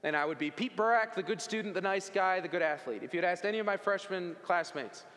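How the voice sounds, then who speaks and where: A man's voice: high-pitched, fairly quick, fairly bright tone, big-room sound. A man giving a personal faith testimony to an audience, telling it in an earnest, conversational way with casual asides.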